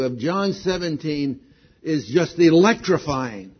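A man preaching a sermon, slow and deliberate, rising to excitement on his key points. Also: a little high, husky. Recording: dull lo-fi recording.

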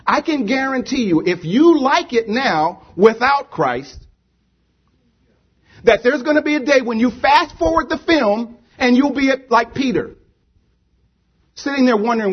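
A man's voice: very high-pitched, expressive, a little slow, slightly rough, muffled recording. A man preaching a sermon to a congregation, emphatic, repeating rhetorical questions. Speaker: pastor. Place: church with a congregation.

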